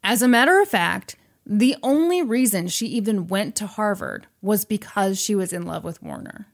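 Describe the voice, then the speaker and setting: A woman's voice: mid-range voice, animated, normal speed, vocal fry. A woman podcast host retelling a movie in a chatty, wry way. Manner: chatty and wry, acting out quotes. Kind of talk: casual chat retelling a movie.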